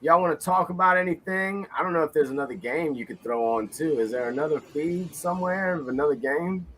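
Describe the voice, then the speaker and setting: A man's voice: a little high, expressive, brisk, fairly bright tone, a little hiss or hum. A man co-hosting a live sports watch party stream, loose and joking as he chats with viewers. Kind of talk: casual live-stream chat.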